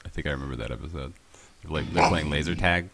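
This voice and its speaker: A man's voice: rumbling low, quick pace, vocal fry, fairly bright tone, slight background noise. A man co-hosting a podcast, talking in a rambling, hesitant way and laughing often. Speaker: podcast co-host. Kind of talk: casual podcast chat.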